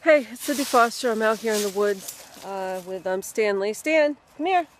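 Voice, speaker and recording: A woman comedian gives a deadpan, mock-serious field report outdoors, her speech halting and full of ums and uhs. Her pitch sits in the middle of the range, and faint background noise runs under her voice. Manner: halting, filler-heavy, mock-serious delivery. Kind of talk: deadpan mock documentary narration. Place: outdoors, on location.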